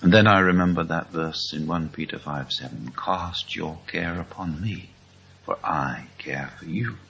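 A middle-aged man from England giving an earnest, slowly told testimony at a Christian meeting. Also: sits low, gravelly, bright, forceful tone, slightly rough. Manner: slow, earnest storytelling. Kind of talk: testimony talk. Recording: dull lo-fi recording.

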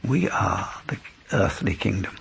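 A man's voice: on the low side, big pitch swings, measured pace, gravelly, a little hiss or hum. A man teaching a church group how to share their faith, earnest and anecdotal, acting out both sides of conversations. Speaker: lay preacher teaching evangelism. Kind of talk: instructional church talk.

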